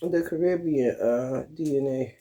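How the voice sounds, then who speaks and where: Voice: mid-range voice, unhurried, dark tone. A vlogger talking in a loose, profane monologue, laughing often and calling listeners honey and baby. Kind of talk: casual monologue.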